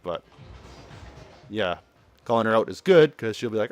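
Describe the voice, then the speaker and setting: A man's voice: on the low side, animated, brisk, a little mellow, soft background music. A man giving loose, chatty commentary on a game he plays, laughing often and summing up the characters' lines. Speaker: let's play commentator. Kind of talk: casual gameplay commentary.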